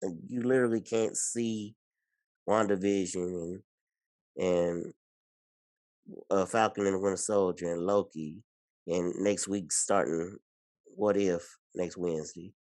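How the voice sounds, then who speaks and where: A man co-hosting a podcast, chatting casually, excitable and rambling with many restarts. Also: deep voice, unhurried, pauses often, no room sound. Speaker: podcast co-host. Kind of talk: casual chat.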